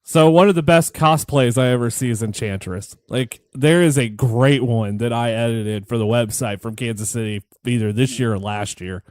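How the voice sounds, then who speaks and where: A man of middle pitch co-hosts a laid-back movie commentary with a wry, joking edge. His voice sits close and dry with little room sound. He speaks offhandedly, as if half-watching the screen. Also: normal speed, few pauses, darkish tone, dry recording. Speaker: podcast co-host.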